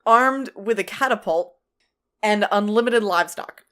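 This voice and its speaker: A young woman co-hosting a podcast, chatting casually over a card game, hesitant and quick to laugh. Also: medium pitch, sharp tone, clean tone. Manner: giggly, hesitant, trails off. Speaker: podcast co-host, judge.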